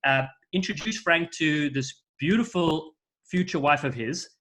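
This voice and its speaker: A middle-aged man, a rugby commentator, chatting casually and telling stories with lively acted-out quotes. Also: a little high, measured pace. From South Africa. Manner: animated storyteller, acts out quoted lines. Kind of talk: casual chat, storytelling.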